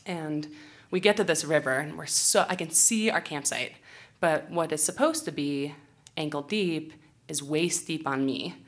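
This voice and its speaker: A woman's voice: sits low, a little slow. A young woman, an outdoor educator, telling a funny self-mocking story on stage into a microphone, laughing often. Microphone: handheld or stage microphone.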